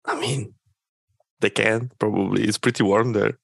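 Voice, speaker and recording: Gravelly low-voiced joking man. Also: fairly even intonation, moderate pace. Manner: joking, swears freely, interrupts with questions. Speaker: podcast co-host. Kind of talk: casual chat.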